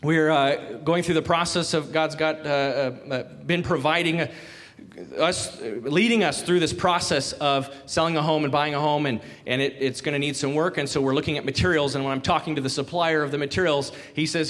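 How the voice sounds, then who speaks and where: A man's voice: fairly high pitch, moderate pace, a bit bright. Chatty man preaching in a reverberant hall. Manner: conversational, asks the congregation questions, acts out quotes. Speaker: pastor. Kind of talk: sermon.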